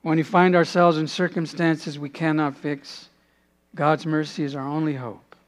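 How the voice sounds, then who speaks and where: High-voiced man preaching a sermon. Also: level tone, normal speed. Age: adult, father has passed away. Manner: earnest preaching, dropping to a hushed voice in prayerful moments. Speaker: pastor.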